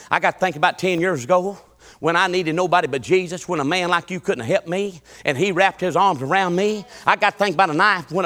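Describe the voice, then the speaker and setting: A middle-aged man, preaching a folksy, animated sermon full of repetition and bursts of song. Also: fairly high pitch, long reverb tail.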